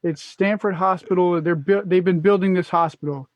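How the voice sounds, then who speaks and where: A man with a notably high voice tells a story on a casual podcast, bluntly and with plenty of profanity. His audio sounds a bit dull and lo-fi, and dry. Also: fairly even intonation, moderate pace, no echo. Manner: blunt, profane, acts out exasperated quotes.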